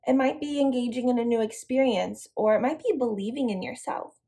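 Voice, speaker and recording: A woman's voice: on the high side, a little fast, dark tone, breathy edge. A young woman leading an online devotional lesson for a girls' youth group, upbeat and encouraging as she speaks straight to the girls.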